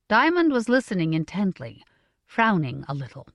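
A woman reads a fantasy novel aloud with smooth, expressive storytelling. Her pitch rises and falls in a lively way, and the recording is close and dry with no room sound. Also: moderate pace, no echo. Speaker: audiobook narrator. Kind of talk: scripted fantasy narration.

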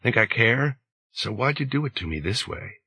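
A man's voice: mid-range voice, expressive, normal speed, sharp tone, slightly rough, voice pushed up, exaggerated voice. A man reading an audiobook and voicing a desperate, bitter young man who swears and pleads. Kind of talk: audiobook character voice.

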